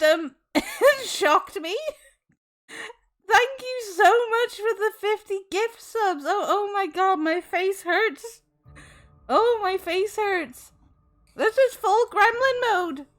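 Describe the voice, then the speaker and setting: Young woman streamer, really high voice, talks slow, gushy, faint music behind. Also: lively intonation, a bit bright. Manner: effusive, squeals and exclaims in shock. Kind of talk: casual live-stream chat thanking viewers.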